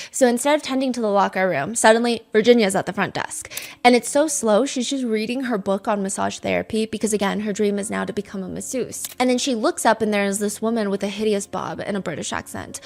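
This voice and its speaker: A woman hosting a true crime podcast, retelling a case and reading quotes aloud with blunt asides. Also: medium pitch. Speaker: podcast host.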